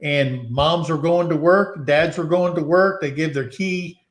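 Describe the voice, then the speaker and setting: A man's voice: a little high, measured pace. A man in his sixties hosting a casual chat and telling a folksy story, acting out the dialogue.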